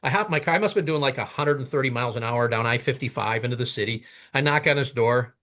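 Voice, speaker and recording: A man telling stories in a casual interview, animated and often stumbling over and repeating his words. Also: mid-range voice, quick pace. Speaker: guest, product maker.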